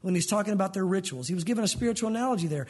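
A pastor delivers a conversational sermon, slipping into quoted voices along the way. His voice sits fairly high for a man and moves fast. The tone is husky. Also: expressive.

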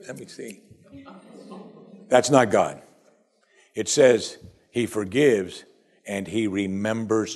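A man preaching a sermon. He climbs to loud, high emphasis, then sinks to quiet, soft passages, and asks his listeners question after question. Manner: asks the congregation repeated rhetorical questions. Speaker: pastor.

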